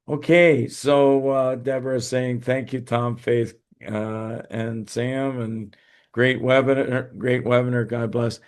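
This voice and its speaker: A man hosts a webinar over a video call and answers viewer questions. He sounds tired and talks haltingly, with many fillers and restarts. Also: medium pitch. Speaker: host. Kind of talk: webinar talk and Q&A.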